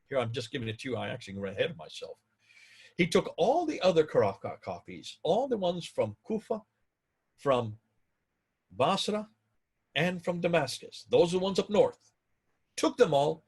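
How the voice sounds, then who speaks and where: Husky guy lecturing, lively up and down pitch, keeps repeating his points to the viewers. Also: moderate pace. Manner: emphatic, repeats points, rising to excited peaks; addresses viewers directly.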